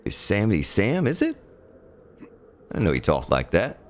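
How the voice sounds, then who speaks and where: A man's voice: on the low side, huge pitch swings, normal speed, a little hiss or hum. Chatty gaming streamer man. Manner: chatty, rambling, folksy. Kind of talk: casual let's-play commentary.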